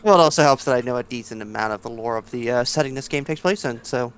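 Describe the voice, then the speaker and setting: Sarcastic dude helping w the game, deadpan, plain middle voice. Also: male voice, mid-range voice, fast talker, crowd noise. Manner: dry, sarcastic. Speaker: game guide. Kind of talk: let's play co-commentary.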